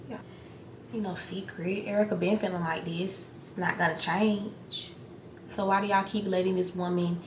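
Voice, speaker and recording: A young woman chatting casually in a get-ready-with-me video, retelling drama bluntly and profanely, acting out quotes with lots of energy. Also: fairly low pitch. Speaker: beauty vlogger. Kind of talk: casual chat while getting ready. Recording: echoey room, faint ambient noise.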